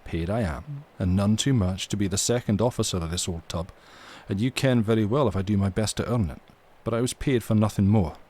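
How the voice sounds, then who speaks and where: A man voicing a blunt, sharp-tongued ship's mate. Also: on the low side, brisk, few pauses, lightly acted. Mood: wry.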